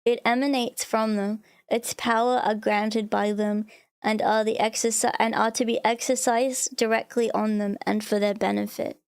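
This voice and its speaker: Bright-voiced woman streamer reading aloud. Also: on the high side, level tone, moderate pace, gravelly, clean tone. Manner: earnest reading with small stumbles, chatty reactions.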